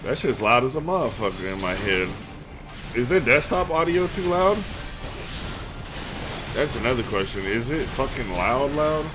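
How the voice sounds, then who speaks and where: A man streaming a game live, chatting casually in a loud, profane, joking way. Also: medium pitch, very animated, moderate pace, pauses often, music in the background. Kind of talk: casual livestream chat while gaming.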